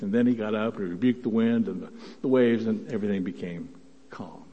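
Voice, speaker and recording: A man preaching a sermon as pastor, telling a Bible story and voicing its quotes with rising force, often repeating words and clearing his throat. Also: fairly low pitch, brisk, warm tone. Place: church sanctuary. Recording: dull sound, long church reverb.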